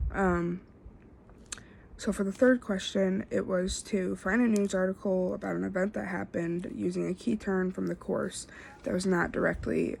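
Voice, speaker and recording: A young woman, a student, talking through a self-assessment in a halting way, full of fillers and restarts. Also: fairly low pitch, gravelly, darkish tone, slight background noise. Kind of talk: casual spoken self-assessment.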